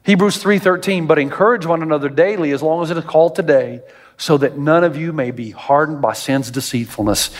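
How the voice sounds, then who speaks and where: A man preaching a sermon as pastor, animated and jokey, jumping way up in pitch and volume when he acts out quoted voices. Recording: long hall reverb.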